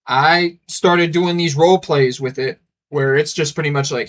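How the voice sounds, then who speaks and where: A man's voice: fairly high pitch, steady tone, normal speed, a bit bright. A young man hosting a casual vlog, rambling enthusiastically and acting out bits of dialogue. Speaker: channel host. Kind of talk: casual talking-head vlog.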